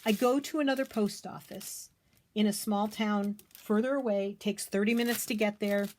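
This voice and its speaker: A middle-aged American woman vlogging from her craft space, telling an animated, indignant story with emphatic repetition. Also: medium pitch, normal speed, a little hiss or hum. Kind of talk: casual ranting story to camera.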